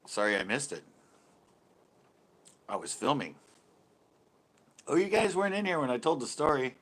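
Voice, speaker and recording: A man's voice: medium pitch, very animated, normal speed, fairly bright tone. A middle-aged man hosting a live stream, chatting casually, laughing often and swearing lightly.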